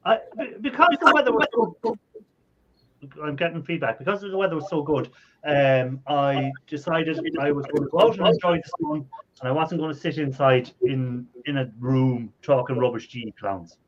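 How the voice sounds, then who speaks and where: A man's voice: a little high, normal speed, muffled recording, heavy background noise. A man hosting a casual live stream over a video call, chatty, with lots of fillers and laughter. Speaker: host.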